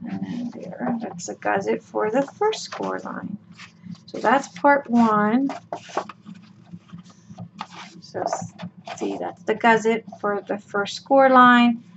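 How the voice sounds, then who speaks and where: A woman hosting a craft tutorial, talking casually through each step with her voice worn out, chatty and folksy with lots of ums and okays. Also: on the high side. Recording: dull lo-fi with clear room noise.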